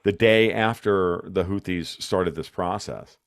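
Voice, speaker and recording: A man's voice: low voice, unhurried, no echo, clean studio sound. A man giving his views as an interview guest, ranting emphatically and restarting his sentences often. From United States. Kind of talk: animated conversational interview.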